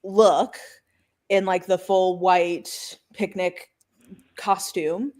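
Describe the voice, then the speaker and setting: A woman with a fairly low voice chatting in a book club over a video call. She rambles through her stories in an animated way, with many fillers and restarts. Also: drawn-out words. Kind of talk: casual book club chat.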